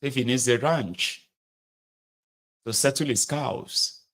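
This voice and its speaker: A Nigerian-accented man delivering heated political commentary at a middling pitch. He talks in an indignant, emphatic way and repeats words to drive his point home. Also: takes it slowly, a bit bright. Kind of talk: opinionated commentary.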